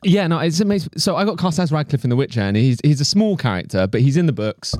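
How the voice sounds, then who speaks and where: A man's voice: a little high, quick pace, no echo. A man chats on a podcast about his acting work, his voice swinging up and down with energy. He swears freely and trips over his restarts. The sound is close and dry. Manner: animated, sweary, full of fillers and restarts. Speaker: actor and podcast co-host. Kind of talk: casual podcast chat.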